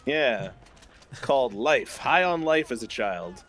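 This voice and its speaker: Lively young man telling stories. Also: medium pitch, a little slow, a little hiss or hum. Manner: animated storytelling, laughs often. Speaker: streamer. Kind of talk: casual chat while gaming.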